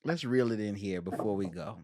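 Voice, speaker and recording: A man's voice: on the low side, brisk, darkish tone, no room sound. A man hosting a podcast, chatting casually, teasing his guest and laughing often. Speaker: podcast host.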